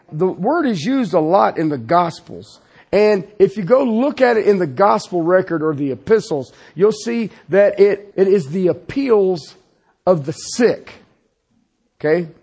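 A man preaching a sermon as pastor, swinging from loud insistence to hushed, pleading passages. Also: high voice, slightly rough.

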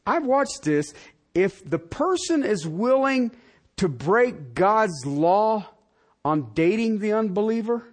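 A man preaching a sermon, asking the congregation direct questions and swinging from loud emphatic lines to quiet ones. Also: high-pitched, very animated, slow pace. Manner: talks straight to the congregation with rhetorical questions. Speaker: pastor.

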